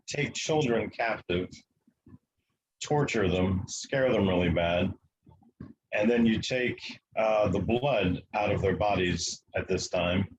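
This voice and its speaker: A man from the United States, a guest telling a long story in an interview, matter-of-fact and halting with fillers. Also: lowish voice, noisy background.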